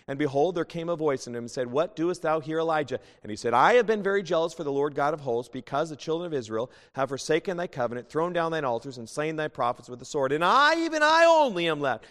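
A man in his thirties preaching a sermon as pastor, swinging between fervent, rising bursts and hushed, tender pleas. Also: a little high, fast talker, few pauses. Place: church sanctuary. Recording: long church reverb.

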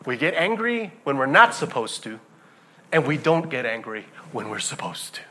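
A male preacher delivering a sermon in an impassioned, emphatic way, swinging between quiet reflection and loud emphasis. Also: medium pitch, very animated, moderate pace.

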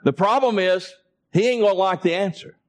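A man's voice: high voice, normal speed. A man preaching a sermon and calling for responses from his congregation. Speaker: pastor.

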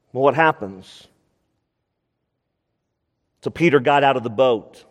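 A male pastor preaching a sermon, expressive, slowing down to stress words and acting out scripture quotes. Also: medium pitch, in a large hall.

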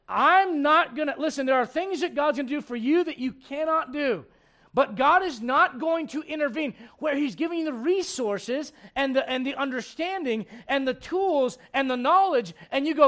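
A man preaching with a strikingly high-pitched voice. He is animated, keeps throwing questions out to the congregation, and acts out the people he quotes. He sounds like he is in his forties. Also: a little fast. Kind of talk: sermon.

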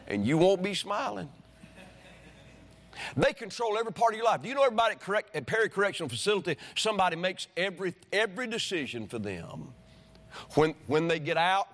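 A middle-aged man preaching a sermon, animated and repetitive, telling stories with sudden shouts. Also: sits high. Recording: long hall reverb.

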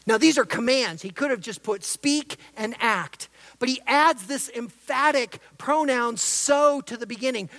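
A preacher giving an expository sermon, emphatic, swinging between loud stresses and soft asides. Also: mid-range voice. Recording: long reverb of a large hall.

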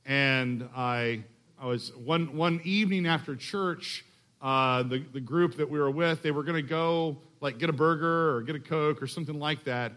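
Middle-aged man, from Texas, somewhat high voice, conversational preacher, slow deliberate readings. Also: fairly bright tone. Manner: conversational, restarts phrases, slows to read scripture. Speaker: pastor. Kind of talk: sermon.

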